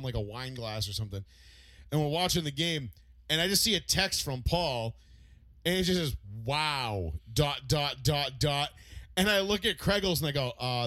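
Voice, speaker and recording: An excitable man with a high, lively voice tells a story in casual chat. He is bright and forceful, swears freely and bursts into loud re-enactments. The sound is dry and close. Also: dry recording. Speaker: podcast co-host.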